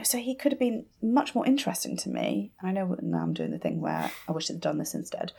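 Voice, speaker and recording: Her voice is medium-pitched, mellow, gravelly, and slightly rough. As a podcast co-host in a casual fan chat, she rambles chattily, restarting often and using lots of fillers.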